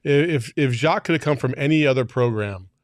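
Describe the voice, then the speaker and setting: A man co-hosting a casual sports talk show, speaking in halting bursts with frequent restarts. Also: mid-range voice, no echo, studio quality. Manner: halting, restarts often, laughs easily. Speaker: co-host.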